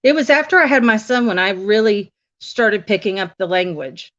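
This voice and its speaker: A woman's voice: mid-range voice, lively intonation, normal speed, fairly bright tone. A woman from the United States chatting casually on a live stream and telling stories, laughing often. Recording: dull, lo-fi stream audio.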